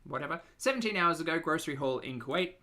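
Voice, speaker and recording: Lively bright-voiced Australian man. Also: a little high, fast talker. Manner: chatty, loud and self-mocking. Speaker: reaction livestream host. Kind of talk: casual livestream commentary.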